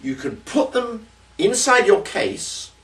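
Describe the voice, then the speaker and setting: A man's voice: high voice, big pitch swings, takes it slowly, a bit bright, far from the mic. A British man, a magician, explaining a trick and then performing its showman patter in a theatrical, exclamatory way.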